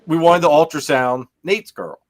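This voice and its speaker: Man, casual chat, rambling storyteller, repeats words, high-ish voice. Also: normal speed. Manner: rambling, stumbles on words, laughs often.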